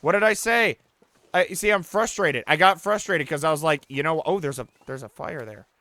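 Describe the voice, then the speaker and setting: Excitable man narrating his gameplay. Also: a little high, fairly quick, no echo. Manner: excitable, swears and shouts at misses; talks to the player character and the audience. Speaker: let's play host. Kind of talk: casual gaming commentary.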